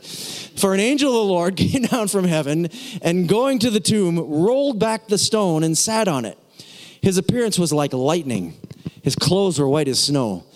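A man preaching a sermon as a pastor, excitable and jokey, breaking into laughs and conversational asides. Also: on the high side, in a large hall.

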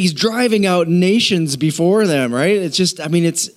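A man's voice: sits high, big pitch swings, normal speed. A middle-aged man, a pastor, giving a casual Bible lesson in church, chatty and joking, often asking the audience questions. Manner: conversational, asks the audience questions, jokes.

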